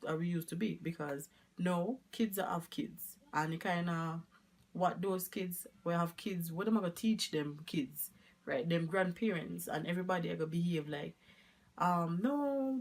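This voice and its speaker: Chatty Jamaican woman vlogging. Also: fairly low pitch. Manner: chatty, rambling, mixes in patois. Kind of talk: casual chat to camera.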